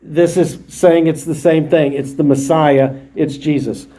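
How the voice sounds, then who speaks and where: Male Bible teacher with a high voice, explaining scripture to a class. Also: steady tone, unhurried, warm tone. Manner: explains verses plainly, restating them in his own words. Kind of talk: verse-by-verse Bible study lecture.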